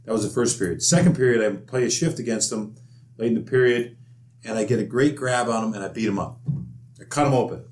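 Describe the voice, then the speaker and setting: A former hockey enforcer telling lively stories in casual chat, laughing often. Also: male voice, medium pitch, quick pace. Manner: animated anecdotes, laughs often. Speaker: retired hockey enforcer guest. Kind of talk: casual storytelling.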